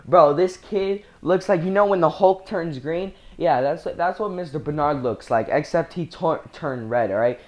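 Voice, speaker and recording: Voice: mid-range voice, moderate pace, few pauses, darkish tone, lo-fi sound. A young speaker telling a casual storytime, rambling with slang and frequent laughter. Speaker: storyteller vlogger.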